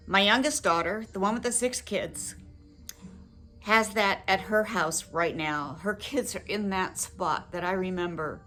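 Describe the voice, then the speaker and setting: An older woman talking to her viewers in a personal, heartfelt vlog, reflective, gentle and earnest, with emotion close to the surface. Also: mid-range voice. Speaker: widow sharing advice with her viewers.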